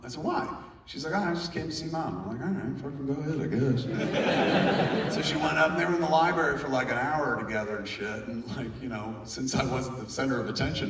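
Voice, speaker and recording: A middle-aged man telling a profane comic anecdote to a live convention audience on stage. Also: mid-range voice. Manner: profane, animated storytelling. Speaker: guest at a convention Q&A panel. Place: large convention hall stage. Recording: echoey hall, voice from far off, crowd noise. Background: audience in a large hall.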